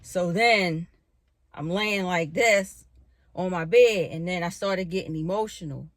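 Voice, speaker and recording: A young woman vlogging from her bedroom, telling a spiritual story in a casual, animated way, full of fillers and casual swearing. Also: on the low side, a little slow, dry recording. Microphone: camera in a bedroom.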